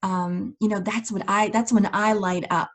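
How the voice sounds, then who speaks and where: A woman's voice: mid-range voice, moderate pace. Enthusiastic woman telling her story. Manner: enthusiastic and expressive, laughing often; acts out her own past dialogue. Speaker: life coach. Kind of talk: personal storytelling monologue.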